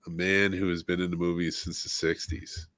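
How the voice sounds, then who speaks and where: A man's voice: low voice, flat delivery, normal speed, fairly bright tone, no room sound. A man co-hosting a film podcast in casual chat, enthusiastic and stopping often for "uh". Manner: enthusiastic, listy, many "uh" fillers. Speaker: podcast co-host.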